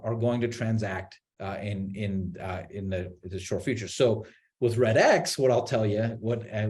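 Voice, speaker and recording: A man on a video call webinar, explaining real estate marketing in an animated way, with many restarts and repeated words. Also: medium pitch. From Utah. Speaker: marketing executive guest.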